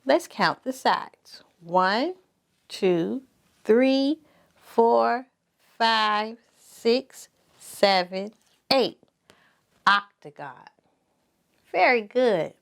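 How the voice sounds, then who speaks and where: A woman teaching preschoolers, saying each word slowly and repeating it for the children to echo, with lots of praise. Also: fairly high pitch, lively intonation, gravelly. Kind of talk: slow sing-song preschool lesson.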